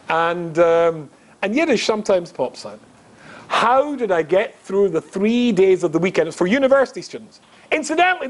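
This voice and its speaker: A middle-aged man from Scotland, a rabbi giving a humorous storytelling talk, chatty and self-mocking, asking the audience questions. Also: sits high. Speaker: rabbi, guest speaker.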